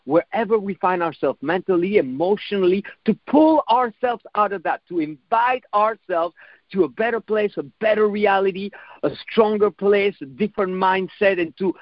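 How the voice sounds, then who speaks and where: A self-help speaker with a high voice gives a reflective motivational talk, coaching his listeners at a moderate pace. He repeats phrases and swears now and then, in a dry, slightly dull recording with no echo.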